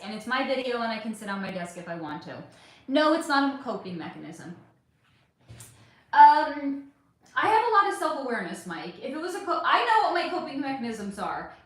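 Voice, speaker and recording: Lady psychic doing a livestream, kinda high voice, blunt and chatty, cusses a lot, super echoey room. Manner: candid and chatty, swears freely. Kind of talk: casual livestream chat, answering viewer comments.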